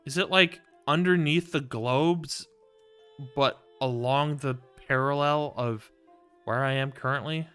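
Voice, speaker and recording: A man's voice: medium pitch, measured pace, a bit bright, clear, resonant tone, faint music behind. A man streaming a video game, rambling casually, swearing freely and cooing to his cat between remarks. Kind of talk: casual gameplay commentary.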